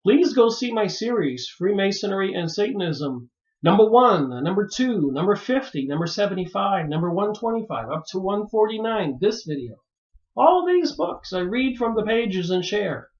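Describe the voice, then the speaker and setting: A man's voice: high voice, big pitch swings, normal speed, highs cut off. A man talking straight to his viewers in an emphatic monologue that rises into pleading exclamations. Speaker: video maker reviewing books. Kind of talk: monologue to camera.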